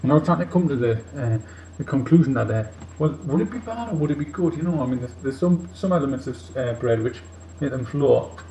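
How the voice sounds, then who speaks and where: A tipsy male robot leader rambles quickly and earnestly, drifting from one tangent to the next, as a man puts him on. His voice is very dark and heavy. The recording sounds muffled and roomy, with a faint hiss behind it. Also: mid-range voice, lively intonation, lightly acted. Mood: tipsy rambling. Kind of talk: comic monologue in character.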